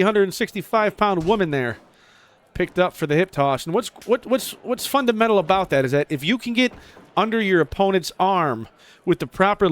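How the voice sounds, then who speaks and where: A man calling a video game wrestling match play-by-play, his voice a little higher than most men's. He is excitable and jumps up sharply in pitch when a big move lands. A faint hiss of background noise sits under the recording. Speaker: play-by-play commentator.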